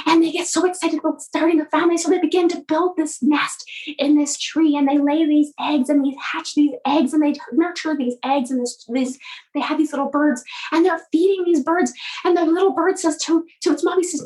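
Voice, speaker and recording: A woman coach telling a motivational story in an animated way, often repeating her words. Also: high voice, a little fast, poor audio.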